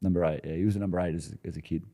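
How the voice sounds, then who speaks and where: An Australian man in his forties chats as a podcast guest. His voice sits low and dark, and he spins long anecdotes in a loose, good-humoured way, tripping over his words and starting again. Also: steady tone, rapid-fire, creaky. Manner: laid-back, chuckling anecdotes with many restarts. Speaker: podcast guest, former rugby player. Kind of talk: casual storytelling interview.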